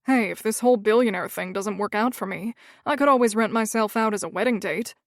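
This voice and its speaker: A woman's voice: mid-range voice, fairly quick, no echo, studio quality, close to an everyday voice. Woman reading as a teasing rich young man.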